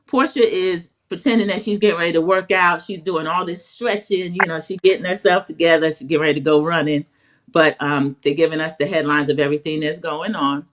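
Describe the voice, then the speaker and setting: In a deep, steady voice that runs a little fast, a female co-host recaps a reality show episode on a casual chat show. She keeps it chatty and story-like, quoting people in a put-on voice.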